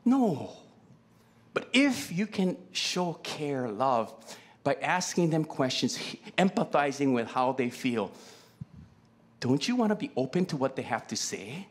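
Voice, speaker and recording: Pastor, male; animated, very lively pitch, chatty Q-and-A preaching style. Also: measured pace. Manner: conversational, asks the congregation many questions. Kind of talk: sermon. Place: church.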